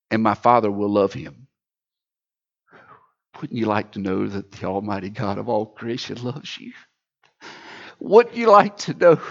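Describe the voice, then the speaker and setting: A male pastor delivers his sermon in a high voice, rising to loud, emphatic passages and then dropping to soft, hushed ones. The recording is dull and muffled. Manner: preaching with swings from loud to hushed.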